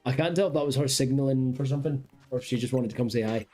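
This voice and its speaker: A man's voice: mid-range voice, rapid-fire, warm tone, soft background music. A man streaming a game, chatting casually and rambling aloud to his viewers. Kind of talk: casual live-stream chat.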